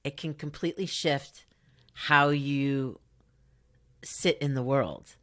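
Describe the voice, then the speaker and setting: This middle-aged Southern California woman hosts her own podcast, talking solo in a casual, chatty, upbeat way with a Valley girl accent, frequent fillers, and laughs. Her voice rumbles low yet sounds fairly bright, and she takes her time. The recording is dry and studio quality.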